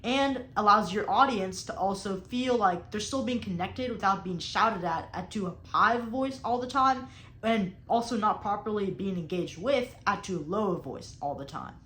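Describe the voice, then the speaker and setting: A woman's voice: medium pitch, lively intonation, normal speed, a bit bright, reverberant. A young woman who coaches debate, explaining speaking technique in an instructional talk and stressing key words on purpose. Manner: explanatory, emphatic, varies tone on purpose.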